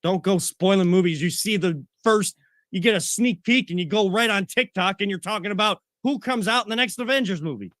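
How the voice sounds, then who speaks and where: A man's voice: high voice, fairly quick, fairly bright tone, no echo, clean studio sound. A man co-hosting a sports talk show, ranting and getting worked up as he makes his point. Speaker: co-host.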